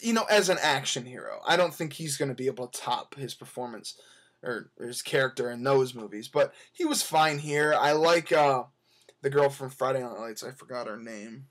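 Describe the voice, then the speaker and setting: A man's voice: on the high side, a bit bright. A young man talking casually as he reviews a movie, rambling along with many fillers and restarts.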